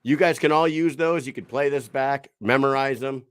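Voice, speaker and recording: Podcast dude cracking dirty jokes, middle pitch, dry close sound. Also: male voice, moderate pace, smooth, no room sound. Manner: joking, tells crude jokes with gusto. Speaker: podcast co-host. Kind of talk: casual podcast chat.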